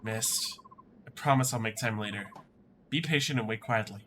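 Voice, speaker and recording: A streamer voicing a calm, stern young male commander from a video game, speaking low and measured. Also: a little hiss or hum, lightly acted. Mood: firm. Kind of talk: reading game dialogue aloud.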